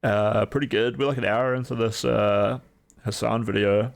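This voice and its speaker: A man with a New Zealand accent talks in a loose, wry, rambling way, full of fillers. His voice sits a little low with a gravelly, creaky edge. He sounds like a streamer in casual reaction chat. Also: fairly even intonation, normal speed.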